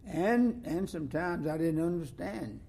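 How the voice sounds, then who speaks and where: A man's voice: a little high, animated, unhurried, gravelly, dark tone, slightly rough. A man, co-hosting a casual faith talk and making folksy, homespun comparisons.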